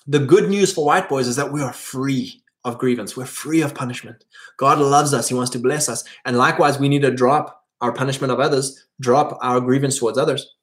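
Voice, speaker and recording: A man's voice: mid-range voice, steady tone, a little fast. A man hosting his own video, delivering a blunt, provocative, preachy monologue. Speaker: video host. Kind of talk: monologue to camera.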